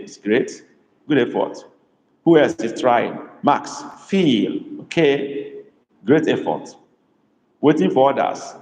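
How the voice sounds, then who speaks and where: Male tutor, patient, slow repetitions, echoey reverberant room. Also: medium pitch, darkish tone. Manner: patient, repeats words slowly, calls on students by name. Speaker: language tutor. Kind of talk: live online class teaching.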